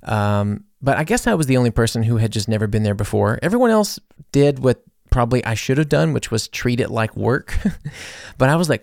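A young man hosting a podcast, telling a travel story in a chatty, animated way with lots of fillers and acted-out quotes. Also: medium pitch, fairly quick, gravelly, no echo, studio quality. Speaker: podcast host. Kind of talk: casual storytelling monologue.

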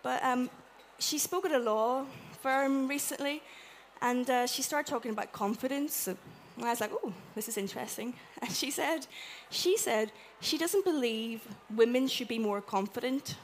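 A woman with an Irish accent giving a chatty, animated talk to a live audience, acting out little quotes as she goes. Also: high-pitched, a little slow, hardly any pauses, slight background noise. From Ireland. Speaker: conference speaker. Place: event room with an audience.

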